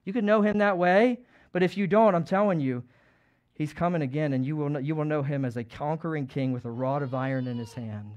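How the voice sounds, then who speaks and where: A man pastor preaching a sermon, swinging from hushed pleading to loud, fervent calling out. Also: a little high, steady tone, fairly quick, muffled recording.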